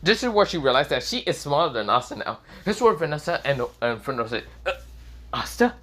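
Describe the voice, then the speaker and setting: A man's voice: on the high side, sing-song, quick pace, sharp tone. A young man casually narrating an improvised fan story, rambling with many fillers and casual swearing.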